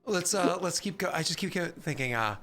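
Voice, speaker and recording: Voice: mid-range voice, expressive, brisk, a bit bright, soft background music. A game master chatting and joking with players over a voice call, often laughing at himself or herself. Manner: chatty, laughing, self-deprecating. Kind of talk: casual chat over a voice call.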